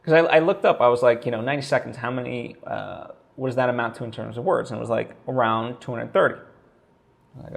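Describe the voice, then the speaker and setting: A man's voice: medium pitch, fairly even intonation, fast, creaky. A man talking straight to camera in a casual vlog, thinking aloud with lots of fillers and restarts. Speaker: vlogger.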